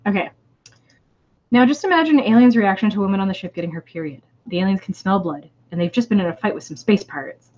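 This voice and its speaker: A young woman co-hosting a casual chat, chatty and giggly as she reads posts aloud. Her pitch sits in a middle range. The recording is dull and lo-fi. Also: fairly quick, a little mellow. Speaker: co-host. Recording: dull lo-fi sound.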